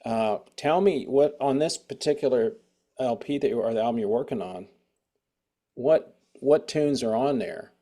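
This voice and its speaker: A man's voice: medium pitch, normal speed, dark tone. A man hosting an interview, asking long, rambling conversational questions. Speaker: show host. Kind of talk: casual interview chat.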